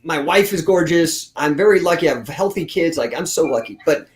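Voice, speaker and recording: Forty-something guy, swears a lot, kinda high voice, echoey room. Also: a little fast. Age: 40s. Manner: profane, blunt, animated storyteller. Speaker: guest, grappling coach. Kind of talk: casual interview storytelling. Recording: roomy echo.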